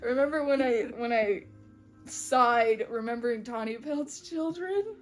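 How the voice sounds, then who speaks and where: A woman in casual podcast chat, recapping a book plot, giggling often and acting out quick character voices. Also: fairly high pitch, faint music behind. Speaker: podcast co-host.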